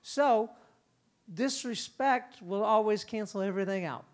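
Animated middle-aged man giving a talk. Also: sits high. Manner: animated, acts out parents and kids in quick quoted voices. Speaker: conference speaker on parenting. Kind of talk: conference talk.

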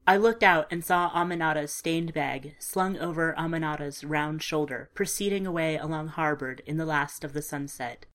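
A woman narrating a first-person story in a calm, measured, understated way. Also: deep voice. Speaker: audiobook narrator.

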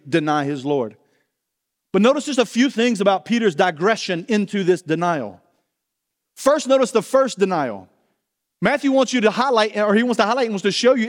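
Man, pastor, sermon, earnest, direct questions, high voice, long hall reverb.

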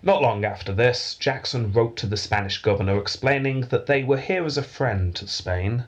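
A man's voice: mid-range voice, moderate pace, dull audio. A man hosting a casual history podcast, telling the story with dry jokes and frequent laughter.

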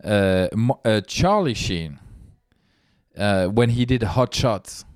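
Man, French accent, podcast guest, joking, slow pace, dry sound. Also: fairly low pitch, darkish tone, no echo. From France. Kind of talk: casual chat.

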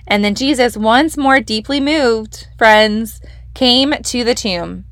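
A woman's voice: fairly high pitch, slow, fairly bright tone, dry recording, clean studio sound. A young woman hosting a devotional podcast, teaching from the Bible in a casual, enthusiastic, emphatic way. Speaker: podcast host leading a devotional.

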